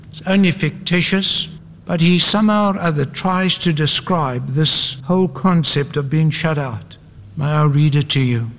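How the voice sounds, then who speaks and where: A man's voice: a little high, fairly bright tone. A man preaching a sermon, building up his points with dramatic repeated refrains. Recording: long hall reverb.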